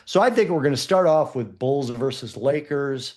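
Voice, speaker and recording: A man's voice: medium pitch, fairly quick, few pauses. A man telling a long casual story on a podcast, swearing freely and acting out both sides of the conversation. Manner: animated, profane anecdotes with acted quotes. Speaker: podcast guest.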